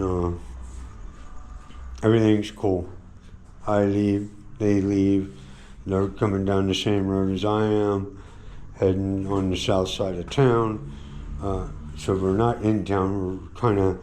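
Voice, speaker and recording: A sore, shaken American man vlogs from a hotel room in a low, unhurried voice. He rambles, stumbles over and repeats his words, and swears constantly. A faint hum of ambience sits behind him. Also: mellow. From United States. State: sore and shaken after a beating. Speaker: motorcycle travel vlogger. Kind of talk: casual vlog monologue.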